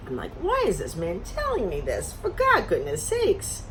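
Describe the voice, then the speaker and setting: Animated, sarcastic middle-aged woman. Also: on the high side, moderate pace, few pauses, a little hiss or hum. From Florida. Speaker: vlogger. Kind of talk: casual storytelling rant.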